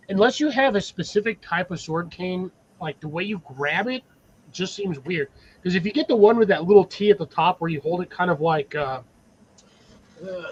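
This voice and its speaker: High-voiced rambling man on a dull mic. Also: a little hiss or hum. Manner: rambling, swears casually, animated storytelling. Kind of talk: casual chat.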